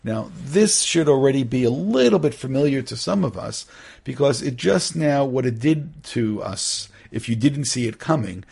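A middle-aged man with a husky, gravelly, mid-range voice leads a Torah study class. He's animated, acting out little dialogues and frequently starting his sentences over.

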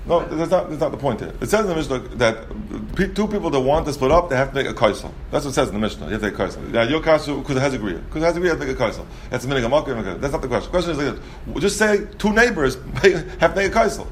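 A man's voice: medium pitch, animated, rapid-fire, a little hiss or hum. Guy teaching talmud, sing-songy, keeps asking and answering his own questions. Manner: sing-song explanatory, rhetorical questions, frequent restarts. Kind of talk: Talmud study lesson.

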